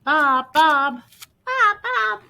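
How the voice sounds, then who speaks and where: An excited male dog owner, as a woman voices him in a storybook read aloud, calling out with a raised, high, lively voice. The tone is bright and amazed. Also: measured pace, husky, full character voice.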